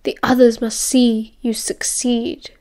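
A woman's voice: a little high, flat delivery, slow pace. A woman whispering as a sly young male werewolf schemer. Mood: scornful. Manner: hushed, urgent whispering.

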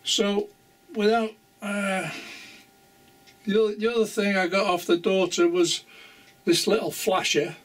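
A man's voice: high voice, little pitch movement, a little slow, pauses often, fairly bright tone, distant mic. An older man chatting casually to camera about his model railway, rambling and chuckling often.

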